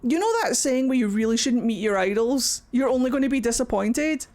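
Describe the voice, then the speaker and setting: A young woman giving casual reaction commentary, mocking and excitable, who swings between shrieks and low grumbles and swears a lot. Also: moderate pace, hardly any pauses. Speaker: streamer reacting to a game.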